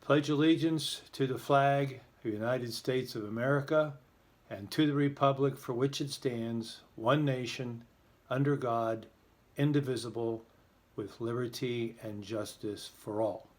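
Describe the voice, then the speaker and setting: A man's voice: medium pitch, steady tone, a little slow. Chatty man hosting school announcements. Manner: chatty, joking, self-deprecating. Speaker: school morning show host. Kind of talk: casual school morning announcements.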